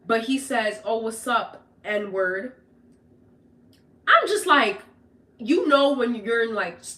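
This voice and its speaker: A young woman casually telling a personal story to her viewers, animated, swearing often and tagging lines with "whatever" and "right?". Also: a little high.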